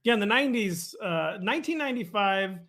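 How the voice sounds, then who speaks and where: A man's voice: sits high, lively intonation, fairly quick, fairly bright tone. A man in his thirties co-hosting a casual, joking football chat, rambling with fillers. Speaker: fantasy football analyst co-host.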